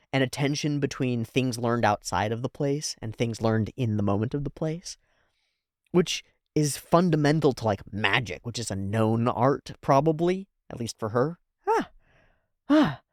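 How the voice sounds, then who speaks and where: A man hosting a casual anime reaction, thinking aloud with fillers, laughing often and breaking into loud, high-pitched exclamations. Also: dry recording, studio quality.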